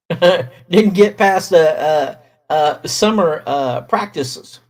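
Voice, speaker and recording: A middle-aged man, hosting a casual livestream, talking slowly with many fillers as he greets viewers in chat. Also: fairly high pitch, lively intonation, rough recording. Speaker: livestream host reading chat.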